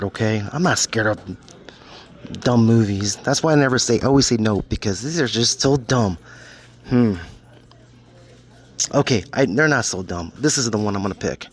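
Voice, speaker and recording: A middle-aged man, casually vlogging his way through a video rental store and joking about himself in the third person. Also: lowish voice. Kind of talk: casual vlog walkthrough.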